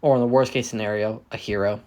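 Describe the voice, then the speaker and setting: A man's voice: lowish voice, fairly even intonation, fast talker, a little mellow. A man casually improvising a fan fiction story, often correcting himself as he goes. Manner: rambling, self-correcting. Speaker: fanfic storyteller.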